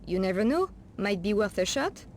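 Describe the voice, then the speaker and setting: A woman's voice: mid-range voice, big pitch swings, moderate pace, darkish tone, a little hiss or hum, lightly acted. An actress playing a wary streetwise woman of the night streets, with a French accent and French endearments, guarded and cautioning.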